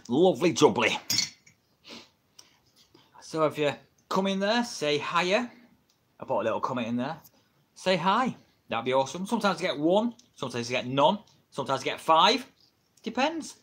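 With a fairly bright, higher-pitched voice, this middle-aged wrestling livestreamer from England rambles casually and laughs often. He streams from home using just his camera's built-in mic, no separate microphone.

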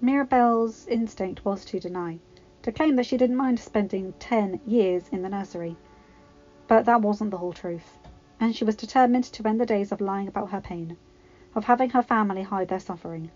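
Woman narrator, mid-pitched, steady storybook reading, slightly dull lo-fi sound. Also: moderate pace, faint music behind. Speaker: fanfiction reader.

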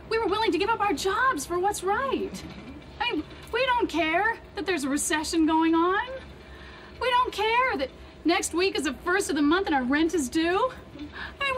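An anxious, idealistic rookie colorist in a 1990s sitcom. Her voice sits very high and she rambles in nervous restarts. The old TV audio carries steady hiss. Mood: rousing. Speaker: comic-book colorist.

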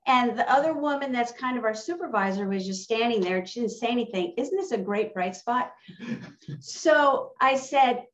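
A woman sharing a personal testimony in a casual, animated storytelling way, acting out the conversations she recounts. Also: on the high side, moderate pace. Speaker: church member sharing a testimony. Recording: distant, roomy, dull sound.

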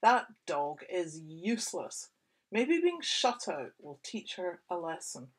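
A woman voicing a stern, worried farm dad who speaks loudly and firmly in a read-aloud picture book story. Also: fairly low pitch, big pitch swings, takes it slowly, breathy edge, heavily acted.

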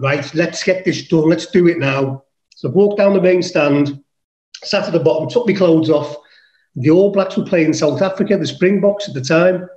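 A high-voiced man from England tells a wild story as a podcast guest. He swears freely and puts on the voices of the people in it. The sound is dull and echoey, as if from a room far off the mic. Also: darkish tone. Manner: swears casually, acts out his own quotes. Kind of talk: animated storytelling.

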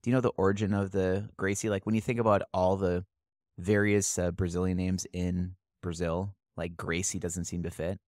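A man's voice: sits low, normal speed, no room sound, studio quality. A young man co-hosting a podcast, telling stories in a casual chat and laughing as he talks. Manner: animated storyteller, laughs while talking. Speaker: podcast co-host.

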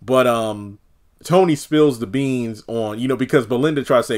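A man's voice: medium pitch, normal speed, darkish tone. Male reviewer with a mid-range voice, chatty and opinionated, loose casual recap full of fillers. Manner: chatty, opinionated, many fillers, acts out characters' lines. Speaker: TV episode reviewer.

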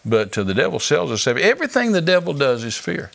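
An older man, an evangelist guest, telling a testimony in a folksy, animated preaching style. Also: on the high side, fast, gravelly. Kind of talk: storytelling testimony.

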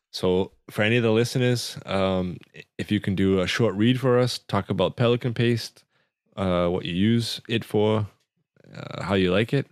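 Low-voiced laid-back podcast host man. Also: dry recording, studio quality. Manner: laid-back, laughs easily. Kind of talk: casual podcast chat.

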